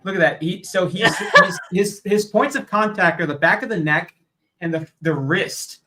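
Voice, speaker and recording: A man's voice: sits high, animated, normal speed, sharp tone, soft background music, low-quality recording. A man co-hosting a casual reaction chat, rambling with restarts and chiming in to agree. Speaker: co-host reacting to a documentary.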